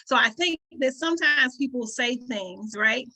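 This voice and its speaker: A woman from the rural southern United States, with a country twang, hosts a community call and chats casually with the online group. She often checks in with "right?" and laughs now and then; her voice is high-pitched, animated, bright and forceful at a normal speed.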